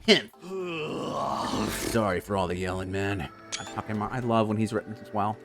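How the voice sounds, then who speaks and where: A man hosting a let's play, making excitable, joking asides during casual gameplay commentary. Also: on the low side, moderate pace, music in the background.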